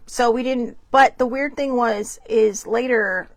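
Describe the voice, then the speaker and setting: A woman's voice: on the high side, normal speed, few pauses. A woman hosting her own livestream, telling a story in a rambling, chatty way and laughing often. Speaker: host.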